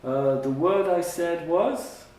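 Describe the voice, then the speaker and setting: A man's voice: a little high, darkish tone, slight background noise. Man teaching English in a roomy classroom. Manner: patient, repeats phrases slowly for learners. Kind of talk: classroom language lesson. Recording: roomy classroom sound from a distant mic.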